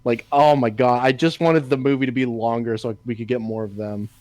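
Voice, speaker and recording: A man co-hosting a podcast in casual chat, retelling scenes in an animated, laughing way. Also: mid-range voice, brisk. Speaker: podcast co-host.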